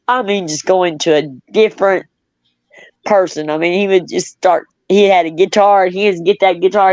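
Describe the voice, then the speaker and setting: A woman's voice: on the low side, a little mellow, dry recording. A middle-aged woman hosting a casual chat, reminiscing in a rambling way, laughing often, and reading out viewer comments. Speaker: host. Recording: dull, lo-fi.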